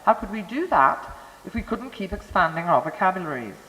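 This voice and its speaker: A lecturer speaks into a microphone in a large hall, the voice trailing off into a long reverb. The delivery is a conversational lecture on Montessori education, thoughtful and chatty, with friendly asides to the audience. The pitch sits in a middle range. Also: big pitch swings, a little fast, bright, forceful tone.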